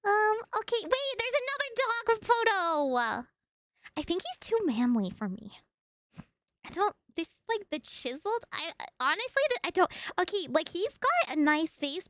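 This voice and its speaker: A woman streamer chatting casually, excitable and giggly, swearing freely. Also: very high voice, no echo. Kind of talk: casual chat.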